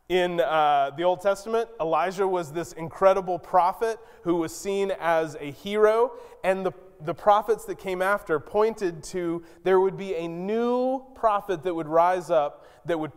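A man preaching a sermon, unhurried and deliberate, with a smooth, resonant voice. His voice rings with a long reverb, as in a big church hall. When he quotes someone, he jumps to sudden high, loud outbursts. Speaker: pastor.

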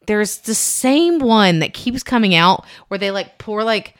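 A woman's voice: mid-range voice, expressive, unhurried, a bit bright. A woman podcast co-host chatting casually, telling stories animatedly with squeals and laughs. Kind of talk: casual chat.

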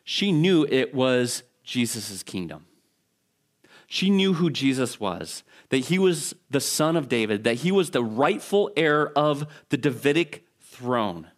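A man's voice: medium pitch, big pitch swings, takes it slowly. A male pastor preaching a sermon in a conversational, storytelling way, with asides and restarts.

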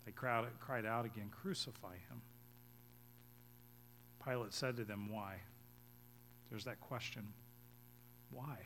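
A male pastor preaching a sermon, reading scripture aloud and explaining it, his voice swelling to loud emphatic peaks and then dropping low and quiet. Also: steady tone, normal speed, slight background noise.

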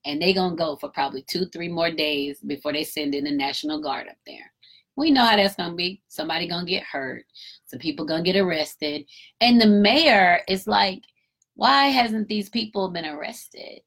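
A woman giving an emphatic, animated casual commentary, a parent talking in her own voice. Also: fairly low pitch, a little fast. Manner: emphatic, animated storytelling with acted-out quotes.

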